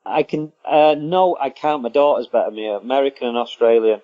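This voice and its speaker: A man answering quickfire interview questions as a guest, in short, laconic replies. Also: medium pitch. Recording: dull lo-fi recording.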